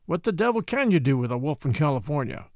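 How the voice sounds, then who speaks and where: A man's voice: fairly high pitch, very animated, quick pace, a little mellow, no echo. A man voicing a dry, wry middle-aged dog musher who needles his companion innocently.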